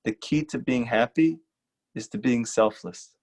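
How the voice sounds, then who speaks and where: A rabbi giving an earnest, emphatic lecture and repeating short lines for stress. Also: male voice, mid-range voice, a little slow, a little mellow. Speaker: rabbi teaching a class. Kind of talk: earnest sermon-style lecture.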